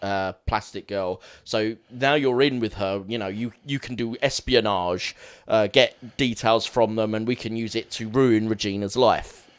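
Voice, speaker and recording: A man's voice: fairly low pitch, a little slow, clean tone. A man co-hosting a film podcast, casually retelling a plot in a rambling way, correcting himself as he goes.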